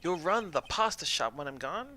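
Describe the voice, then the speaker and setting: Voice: mid-range voice, lively intonation, moderate pace, background noise, pitched above the performer's own voice, close to an everyday voice. A streamer doing a fretful old caretaker. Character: fussy, worried older man, shop caretaker.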